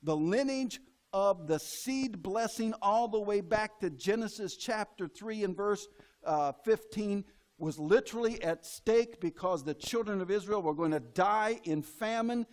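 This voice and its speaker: A man's voice: high voice, unhurried. A middle-aged man preaching a sermon in a church, folksy and acting out the voices he quotes. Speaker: pastor.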